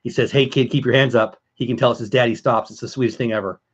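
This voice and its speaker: A man's voice: mid-range voice, fairly even intonation, quick pace, lo-fi sound. A man hosting a casual live stream, chatting with viewers and answering chat as he goes.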